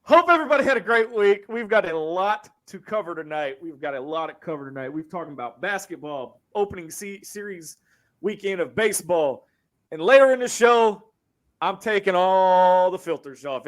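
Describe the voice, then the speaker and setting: A man from Arkansas hosting a sports podcast, talking loud and brash with excitable banter. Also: high-pitched. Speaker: podcast host.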